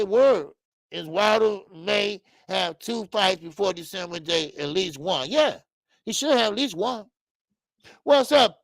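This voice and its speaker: A man hosting a boxing live stream, reading viewer comments and ranting in an animated way, with many stammered fillers. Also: high-pitched, vocal fry, no room sound. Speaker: boxing channel host.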